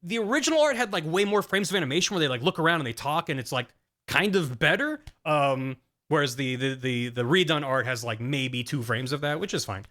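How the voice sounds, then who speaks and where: A young man chats casually on stream, rambling and poking fun at himself. His voice sits a little on the high side, and he fills his talk with ums and quick laughs. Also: animated, pushed and bright. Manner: rambling, self-deprecating, many fillers and laughs.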